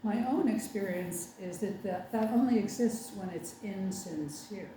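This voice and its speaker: An older woman minister delivers a chatty, wry sermon full of sarcastic asides, her voice mellow and medium-pitched at a measured pace. She's speaking in a congregation meeting room, recorded from a distance in an echoey space with faint background noise.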